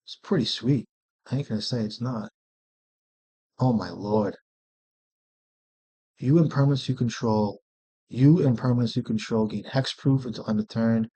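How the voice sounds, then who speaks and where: A man's voice: medium pitch, steady tone, fairly quick, mellow, husky. A man streaming a card game, thinking aloud in casual, profane commentary and often muttering to himself.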